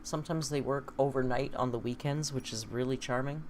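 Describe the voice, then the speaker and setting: A woman's voice: deep voice, moderate pace, hardly any pauses, a little hiss or hum. A woman hosting a casual livestream from home, chatty and wry, reading viewer comments aloud. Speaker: livestream host. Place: home, indoors.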